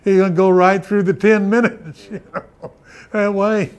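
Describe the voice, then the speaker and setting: Older former wrestler, rambling anecdotal interview, slightly high voice. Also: male voice, fairly even intonation, unhurried, a little mellow, smooth, dull audio. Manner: rambling, laughing often, many fillers. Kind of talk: storytelling interview.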